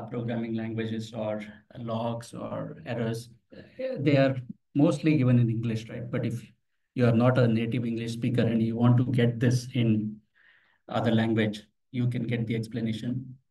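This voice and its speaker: A man with a mellow, mid-pitched voice shows off tech live at a meetup, talking in a relaxed way, telling stories, and asking the audience things. The sound comes from some distance away from the microphone in an office meeting room.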